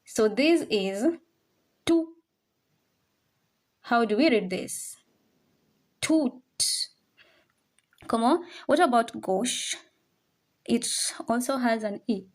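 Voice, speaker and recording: A woman's voice: on the high side, animated, a little slow. A woman teaching a live online French class, patiently repeating each word to drill its pronunciation and mixing in English and some Swahili.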